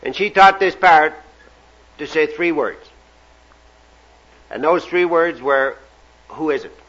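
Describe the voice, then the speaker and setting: A man telling a story to a meeting in a folksy, joking way. His voice is bright and fairly high for a man. The recording sounds dull and lo-fi. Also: slow pace. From Canada. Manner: folksy joke-telling, self-deprecating. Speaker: recovery meeting speaker.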